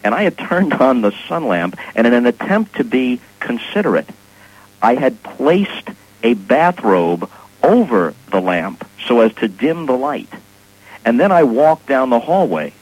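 A man's voice: medium pitch, sing-song, unhurried, darkish tone, low-quality recording. A middle-aged man, a sportscaster guest, telling stories and giving opinions in a casual, articulate way with dry humor, heard over a radio broadcast. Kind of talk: casual interview chat.

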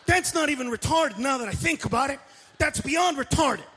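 A male stand-up comedian who talks loud and brash and shouts his punchlines. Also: very high voice, lively intonation, normal speed, long reverb tail.

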